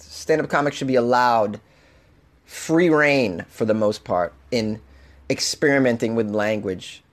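A man hosting a solo comedy podcast, animated and over-caffeinated, swinging from loud jokes to muttered asides. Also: medium pitch. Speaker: podcast host.

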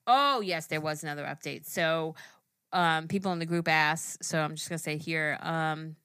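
Laid-back, low-voiced woman co-host. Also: little pitch movement, normal speed, a bit bright, clean tone, dry recording. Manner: laid-back, chatty, recommends things. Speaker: podcast co-host. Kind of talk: casual chat.

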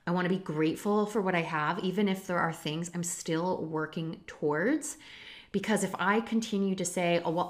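A woman in her thirties speaks on her own podcast in a fairly low voice. She is earnest and confessional, and now and then drops a casual swear word. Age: 30s. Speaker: podcast host. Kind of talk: reflective solo podcast talk.

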